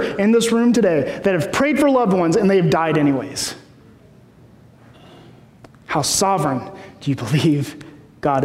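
A man in his thirties preaching a sermon in a conversational way, often checking in with the room. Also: sits high. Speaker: pastor. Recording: echoey hall.

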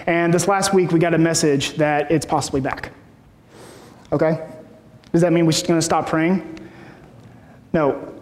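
A man's voice: a little high, fairly even intonation, unhurried, pauses often. A man in his thirties preaching a sermon in a conversational way, often checking in with the room. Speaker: pastor. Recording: echoey hall.

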